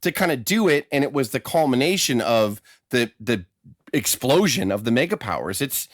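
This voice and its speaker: Animated man telling wrestling stories on a podcast. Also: medium pitch, moderate pace, no echo, clean studio sound. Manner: animated, profane storyteller. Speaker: podcast co-host. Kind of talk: casual podcast chat.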